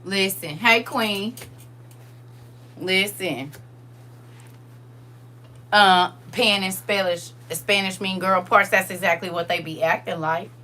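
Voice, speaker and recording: Animated woman telling a story. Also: on the low side, takes it slowly, pauses often, a little hiss or hum. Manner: animated, emphatic and blunt. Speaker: livestream host. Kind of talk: casual storytelling to a live chat.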